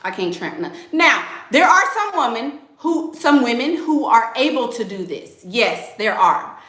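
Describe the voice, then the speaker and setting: Speaking a bit slowly in a slightly high voice, this young livestream host calls out donations. Her delivery is energetic and forceful, full of repetition and Southern expressions like "y'all," and the sound carries reverb.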